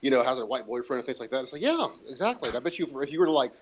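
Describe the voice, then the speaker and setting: A man's voice: medium pitch, very animated, racing, a little hiss or hum, low-quality recording. A man in casual chat, rambling and opinionated, with lots of fillers and swearing.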